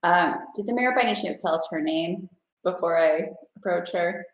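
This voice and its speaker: A woman's voice: on the low side, moderate pace, roomy sound. A woman playing a tabletop game, chatting casually, hesitant and giggly. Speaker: player.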